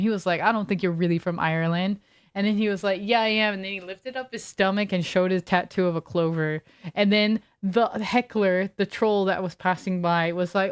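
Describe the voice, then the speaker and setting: A woman's voice: mid-range voice, moderate pace, smooth, no room sound. A young woman streaming a video game, chatting casually with her viewers and telling a long, rambling story full of fillers and restarts. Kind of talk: casual chat while gaming.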